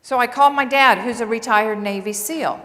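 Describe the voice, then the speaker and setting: A woman nursing assistant and coach giving an earnest, animated storytelling speech to a large audience. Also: fairly high pitch, moderate pace. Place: large hall before several hundred people. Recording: long reverb of a large hall.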